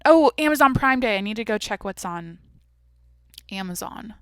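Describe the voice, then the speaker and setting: Young woman, solo podcast host, blunt and foul-mouthed, tense bright voice, no room sound. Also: fairly high pitch, animated, moderate pace, clear, resonant tone, dry recording, studio quality. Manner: brash, profane, blunt. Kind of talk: casual solo podcast chat.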